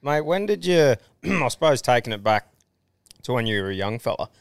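A man's voice: mid-range voice, big pitch swings, moderate pace, gravelly, smooth, no echo, studio quality. A man hosting a podcast, asking laid-back questions and swearing casually. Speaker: podcast host. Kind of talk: casual interview chat.

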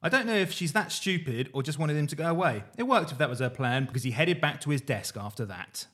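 A man co-hosting a casual podcast, reading old diary entries aloud in a dry, deadpan way with the odd swear. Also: fairly high pitch, fast talker.

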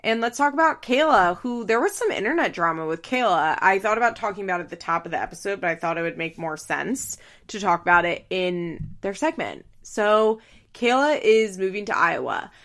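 Young female podcast host, animated and chatty, mid-range pitch. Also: brisk. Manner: animated, laughs often, mimics people in quotes. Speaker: podcast host recapping a reality show. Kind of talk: casual recap chat.

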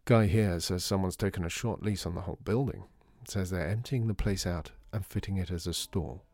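A man voicing a laid-back, easygoing man who talks quietly and low. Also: a little fast, no echo, clean studio sound. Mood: relaxed.

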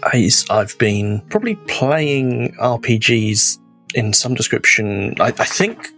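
A man's voice: medium pitch, lively intonation, takes it slowly, a bit bright. Man, late thirties, wry, self-deprecating, podcast guest, faint music. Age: late 30s. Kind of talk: casual chat.

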